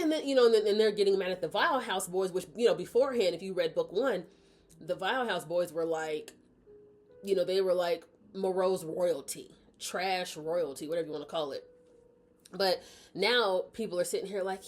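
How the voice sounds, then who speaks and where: Woman, casual book review, chatty, rambling, self-correcting, lowish pitch. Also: normal speed, soft background music.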